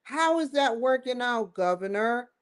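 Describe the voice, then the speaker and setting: A woman's voice: a little high, lively intonation, measured pace. A woman hosting her own show, giving an emphatic, rambling opinion commentary that circles back and repeats points. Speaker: show host.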